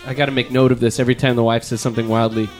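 A man hosting a podcast in casual chat, rambling and self-deprecating, quick to make a joke of himself. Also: medium pitch, level tone, a little mellow, faint music behind. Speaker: podcast host.

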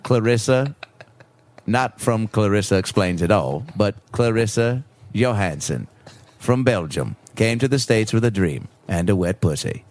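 A man's voice: on the low side, animated, unhurried, a little mellow. A man imitating a solemn older male narrator, telling a mock documentary story.

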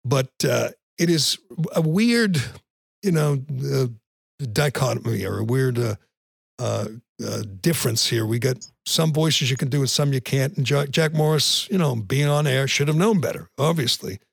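A man's voice: mid-range voice, animated, normal speed, vocal fry, no room sound, studio quality. A man hosting a podcast, ranting bluntly about sports with frequent restarts. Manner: blunt, ranting, repeats words when starting sentences. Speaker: podcast host. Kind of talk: opinionated sports talk.

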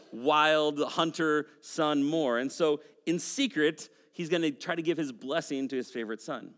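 A man's voice: on the high side, fairly bright tone, long reverb tail. A man in his forties preaching a sermon, reading scripture with casual, joking asides. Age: 40s. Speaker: pastor.

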